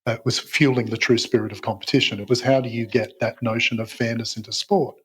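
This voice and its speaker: A man's voice: medium pitch, fairly even intonation, fast, poor audio. A middle-aged man talking as a podcast guest, hesitant and self-deprecating, with lots of fillers and restarts. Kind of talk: casual interview chat.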